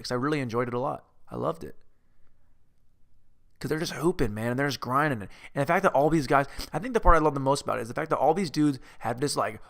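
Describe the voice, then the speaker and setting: Rambling, self-mocking comedian host. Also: male voice, fairly high pitch, fairly bright tone. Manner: rambling, self-mocking, stumbles over words. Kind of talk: comedic movie-review rant.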